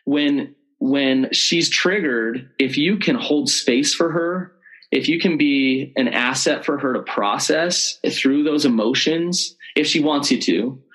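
A man talking as the expert guest in an interview, with a voice of ordinary, middling pitch. He explains things earnestly and slips into the voices of people he is quoting. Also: slow, a bit bright, poor audio. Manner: earnest, explanatory, acts out quoted speech. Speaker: betrayal trauma expert guest. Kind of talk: conversational interview.

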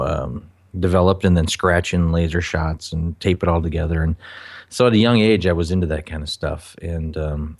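A middle-aged man from Minnesota with a very deep voice, talking as an interview guest. He tells his stories in a relaxed, folksy way and jokes along as he goes. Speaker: guest, film director. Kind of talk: casual interview chat.

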